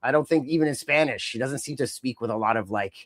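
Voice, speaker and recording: Animated man with dry close sound. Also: medium pitch, fast talker, dry recording. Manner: animated, acts out wrestlers' lines in mimicking voices. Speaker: podcast co-host. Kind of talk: casual wrestling chat.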